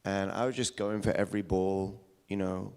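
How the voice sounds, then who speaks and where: Male pastor, from England, British-American accent, low pitch, gravelly, sermon storytelling. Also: little pitch movement, normal speed, a little mellow. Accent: British with an American tinge. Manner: storytelling with restarts. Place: church service.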